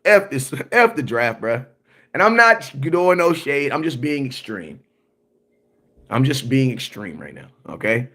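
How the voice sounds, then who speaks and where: A man's voice: mid-range voice, big pitch swings, unhurried, bright, forceful tone. A man in a mid-range voice hosts a sports livestream and rants with force. He repeats his points over and over in slangy talk. He keeps checking in with his viewers and answers their comments as they arrive. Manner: emphatic and repetitive, slangy, often asks "you know what I'm saying". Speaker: sports content creator hosting a livestream. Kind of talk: animated livestream rant.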